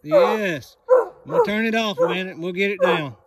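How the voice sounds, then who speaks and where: An older man calls out to a hound and his granddaughter on a hunt in the woods, folksy and excited, filmed on a handheld camera. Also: high-pitched, very fast. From West Virginia. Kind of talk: casual outdoor chat. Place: woods outdoors at night. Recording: noisy outdoors with barking dogs.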